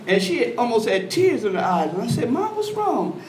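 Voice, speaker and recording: A man preaching an animated call-and-response sermon, recorded from a distance in a church. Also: fast talker, a little hiss or hum. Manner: animated call-and-response preaching, voice swooping high for quoted women. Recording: echoey hall, mic from afar.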